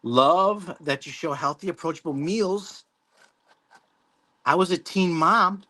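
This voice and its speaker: A man's voice: a little high, slow pace, pushed and bright. Rambling man chatting on a livestream. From Mexico. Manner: rambling, swears casually, laughs often. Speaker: livestream host. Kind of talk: casual livestream chat reading viewer comments.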